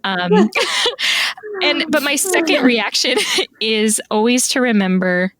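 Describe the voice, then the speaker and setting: A woman with a gravelly, fry-tinged voice, a little rough from the morning, chats casually as a podcast guest. She speaks thoughtfully and leans on "like" as she works through her ideas. The recording is close and dry. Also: mid-range voice, animated, slow pace, fairly bright tone, dry recording. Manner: thoughtful, lots of "like" fillers. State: morning voice, clearing throat. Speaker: guest stationery calligrapher.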